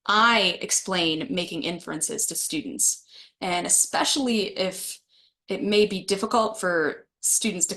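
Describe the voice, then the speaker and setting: A woman's voice: on the low side, a bit bright. Woman, webinar presenter, friendly casual teaching talk, reacts to chat. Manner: friendly, laughs with the chat, reads comments aloud. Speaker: webinar presenter for adult educators.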